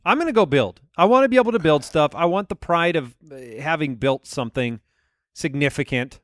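A man's voice: fairly high pitch, animated, brisk, fairly bright tone, no echo, studio quality. A man hosting a casual chat show, steering the talk and reading out listener questions. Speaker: podcast host.

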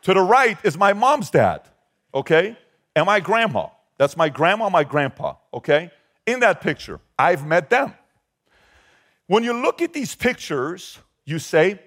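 A man's voice: sits high, big pitch swings, measured pace, fairly bright tone. A man in his forties, from Iran, giving an emphatic talk to a live audience and firing rhetorical questions at the crowd. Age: 40s. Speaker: motivational speaker.

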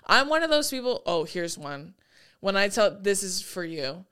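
A woman's voice: medium pitch, very animated, normal speed, pushed and bright, clear, resonant tone. A young woman chatting casually as a podcast co-host, swearing freely and acting out little quotes. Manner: swearing, chatty, quotes people in put-on lines. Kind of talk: casual chat.

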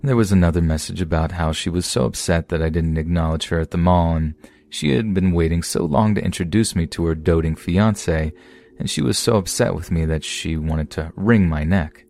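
A man reading a first-person scary story aloud as a podcast narrator, in a steady, measured scripted delivery. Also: low voice.

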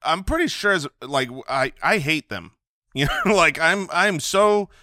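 A man's voice: on the high side, a little slow, no room sound, clean studio sound. A man co-hosting a podcast, chatting casually and ranting in a joking way. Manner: animated, joking rants with laughs. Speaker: podcast co-host. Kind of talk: casual chat.

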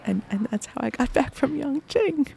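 A woman hosting a podcast, telling a lively anecdote about her day, laughing often and acting out the people she quotes. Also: sits high, normal speed, gravelly. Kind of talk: animated anecdotal storytelling.

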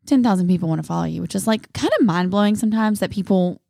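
A woman in her thirties co-hosting a podcast, chatty, animated and jokey, sipping wine as she talks. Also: medium pitch, fast, vocal fry, no room sound, clean studio sound. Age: 30s. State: drinking wine. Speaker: podcast co-host. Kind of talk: casual chat.

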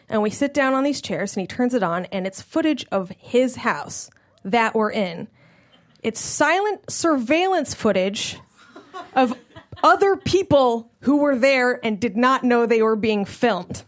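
A woman comedian telling a comic story at a live show, animated and laughing as she goes. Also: on the high side, a little slow. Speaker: guest comedian.

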